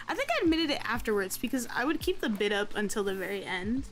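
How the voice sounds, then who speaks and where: A woman's voice: fairly high pitch, very animated, fast, hardly any pauses, faint music behind, rough recording. A young woman streaming while she draws, chatting casually in a rambling, self-deprecating way full of fillers. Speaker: art streamer.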